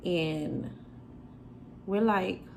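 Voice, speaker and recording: A young woman from New York telling a storytime to the camera, animated and sassy, acting out the quoted lines. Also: fairly low pitch, extremely slow, a little hiss or hum, poor audio. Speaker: vlogger. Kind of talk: storytime chat.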